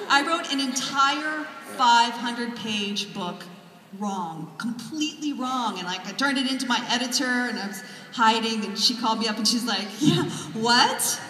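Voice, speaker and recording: A woman's voice: a little high, normal speed, bright, forceful tone, slight background noise. A woman author giving a comic keynote speech, wry and self-deprecating with punchy jokes. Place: large hall. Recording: echoey hall from far off, crowd. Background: audience laughter.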